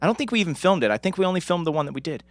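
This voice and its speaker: A man's voice: a little high, animated, very fast, dry recording. A man co-hosting a podcast in casual chat, joking and rambling with lots of filler words. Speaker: podcast co-host.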